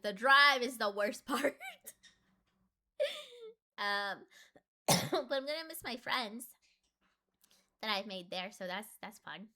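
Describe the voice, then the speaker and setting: A young adult woman casually chats with her stream viewers. She fills her talk with fillers, and her pitch jumps suddenly when excitement hits.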